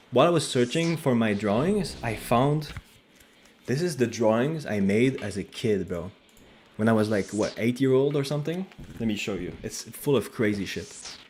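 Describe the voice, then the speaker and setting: Guy streaming, casual chat, swears a lot, kinda low voice. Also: slight background noise. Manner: animated, joking, swears casually.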